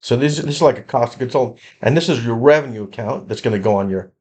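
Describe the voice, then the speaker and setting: A male accounting instructor with a husky, darkish, medium-pitched voice talks fast through a screen-recorded lecture. He explains spreadsheet entries conversationally, often repeating himself and restarting.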